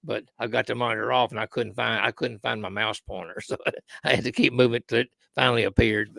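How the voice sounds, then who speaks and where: A man's voice: mid-range voice, fairly even intonation, fast, vocal fry, a bit bright, no room sound. A man with a Southern US accent, co-hosting and telling easygoing folksy stories in casual chat. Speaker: returning co-host.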